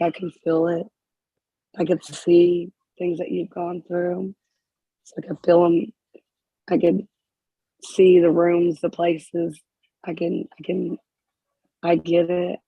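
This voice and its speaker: A spiritual healer speaking in emotional counseling to a group member, halting and repeating phrases, close to tears. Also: medium pitch, gravelly, dark tone, husky, no room sound, muffled recording.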